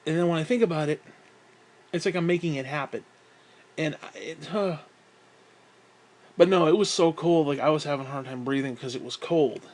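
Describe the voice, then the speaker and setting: A man's voice: a little high, moderate pace, long pauses, a little mellow. Profane, exasperated man ranting casually. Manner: profane, exasperated and self-mocking, with frequent sighs. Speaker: vlogger. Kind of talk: casual rambling monologue.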